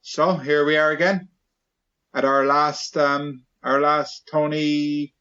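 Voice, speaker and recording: A man hosting a casual comedy podcast, peppering his friends with quick playful questions. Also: on the high side, little pitch movement, sharp tone, smooth, lo-fi sound, faint music behind. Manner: playful, quick questions, jumps into silly voices. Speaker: podcast host.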